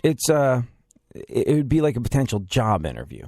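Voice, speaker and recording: A man's voice: mid-range voice, very animated, moderate pace, dark tone, no echo, studio quality. A man hosting a podcast in casual chat, talking in a wry, rambling, self-deprecating way. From England. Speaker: podcast host.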